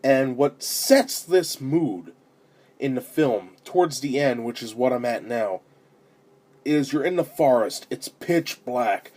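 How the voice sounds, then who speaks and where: A man giving a casual spoken film review, animated as he retells the story, with fillers and restarts. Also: medium pitch, takes it slowly. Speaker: amateur movie reviewer.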